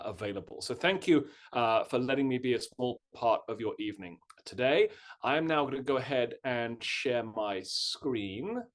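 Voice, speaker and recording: A man with a British accent giving a lively online history lecture with plenty of uh fillers. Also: a little high. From Britain. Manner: animated, self-deprecating, frequent uh fillers. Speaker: guest lecturer, history professor. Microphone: video call.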